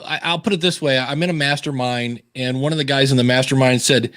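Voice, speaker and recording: A podcaster and author joins a casual interview as a guest over a video call, talking fairly quickly with few pauses in a slightly high voice. He pokes fun at himself and animates his stories by acting out the voices of the people he quotes. The sound is clean studio quality with no echo.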